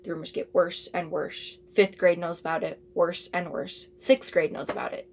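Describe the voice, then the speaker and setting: A woman's voice: fairly low pitch, steady tone, moderate pace, vocal fry, darkish tone. Teen girl doing a storytime vlog, rambly and chatty, faint hum in the back. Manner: rambling, chatty, with many asides and fillers. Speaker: vlogger. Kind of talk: casual storytime.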